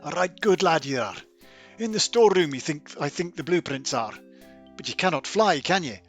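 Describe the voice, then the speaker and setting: A man's voice: a little high, expressive, moderate pace, soft background music, pitched above the performer's own voice. A man voicing a forgetful old male tinkerer from a video game, in a put-on Scottish accent, rambling and contradicting himself. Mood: muddled. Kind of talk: reading game dialogue aloud.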